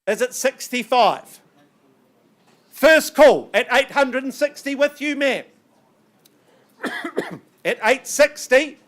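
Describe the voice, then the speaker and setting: A man working as an auctioneer, calling bids in a brisk, coaxing patter with banter, his voice strained and getting worn. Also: very high-pitched, animated, fairly bright tone. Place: auction room.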